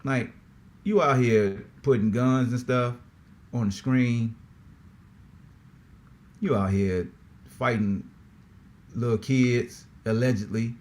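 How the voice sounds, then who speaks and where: A man hosting a sports podcast in a casual, slangy, animated way, often repeating himself. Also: mid-range voice, slow pace, long pauses. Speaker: podcast host.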